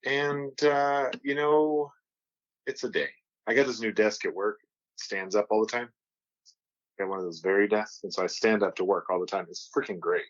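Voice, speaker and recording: A man's voice: fairly low pitch, normal speed, no room sound, highs cut off. A man hosting a podcast in casual chat, rambling with lots of "like" and "uh". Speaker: podcast host.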